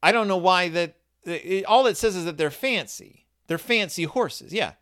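Animated, sarcastic man retelling a story. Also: sits high, smooth. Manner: animated, sarcastic, acts out characters in quick asides. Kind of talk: comedic storytelling recap.

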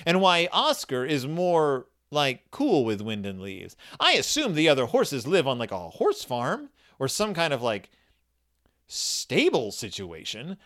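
A man recapping a children's story in comedic, sarcastic asides, often slipping into quick put-on voices for the characters. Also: mid-range voice, wildly swooping pitch, fairly bright tone.

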